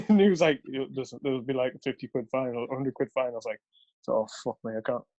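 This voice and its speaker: A man's voice: medium pitch, expressive, brisk, a little mellow, dull audio. A young man casually telling a rambling story, swearing often and laughing along. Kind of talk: casual chat.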